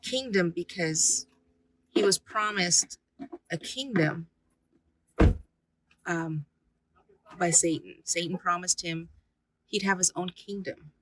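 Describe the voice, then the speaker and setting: A woman, a paranormal investigator, recounting an experience in halting speech full of fillers and restarts. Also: on the low side, fairly bright tone, a little hiss or hum, low-quality recording.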